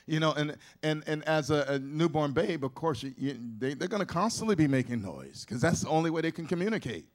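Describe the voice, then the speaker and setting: A man's voice: fairly high pitch, lively intonation, brisk. A man preaching a sermon in a folksy, conversational way, often restarting his sentences and adding asides. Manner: folksy, with colloquial grammar. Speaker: pastor.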